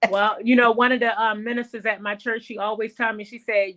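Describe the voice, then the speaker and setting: A woman who owns a salon, telling her story in a casual interview in an animated way. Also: a little high, fairly quick, few pauses. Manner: animated storyteller, calls the host girl. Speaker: salon owner and guest.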